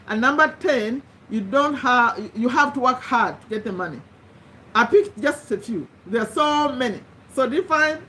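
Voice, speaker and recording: A woman's voice: fairly high pitch, a bit bright, slight background noise. A woman hosting a motivational live stream, speaking in an earnest, encouraging way, repeating phrases and often restarting sentences.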